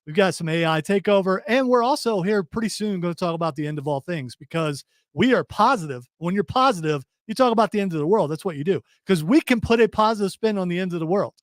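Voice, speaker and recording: A man with a notably high speaking voice hosts a talk radio show, trading quick jokes in loose banter. The studio sound is dry and close, with no room echo. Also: animated. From Columbus, Ohio. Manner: joking, quick back-and-forth.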